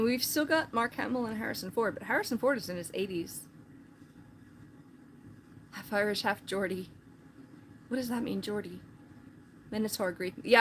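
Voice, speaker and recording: A woman's voice: fairly high pitch, slight background noise. A woman chatting casually on a live stream, rambling with lots of filler words.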